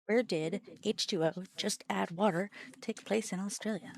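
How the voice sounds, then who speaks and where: A woman's voice: medium pitch, moderate pace, creaky. A woman co-hosting a game stream, chatting bluntly and with playful drama. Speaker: streamer co-host. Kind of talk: casual chat while gaming.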